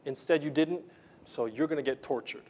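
A preacher voicing a stern scolding master. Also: male voice, on the high side, normal speed, darkish tone, close to an everyday voice. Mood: stern rebuke. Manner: scolding, accusing. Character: stern angry male master rebuking servant.

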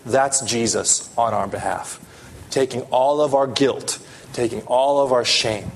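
A male pastor delivering a sermon at an unhurried pace, his voice pitched in an ordinary middle range. He talks earnestly, lifting his voice to stress a point, then dropping it low and soft. Faint room ambience sits behind him. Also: a little hiss or hum. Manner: earnest, rising emphasis and soft drops.

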